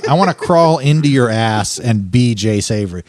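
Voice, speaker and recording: A man's voice: mid-range voice, lively intonation, moderate pace, darkish tone, no room sound, clean studio sound. A man co-hosting a podcast, rambling through crude, self-mocking improvised comedy bits. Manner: rambling, self-mocking, jumps into silly put-on voices. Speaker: podcast co-host.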